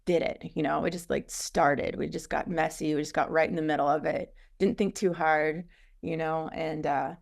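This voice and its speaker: Gravelly-voiced woman telling her story. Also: low voice, moderate pace. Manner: rambling, animated storytelling. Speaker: guest, company co-founder. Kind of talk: casual interview chat.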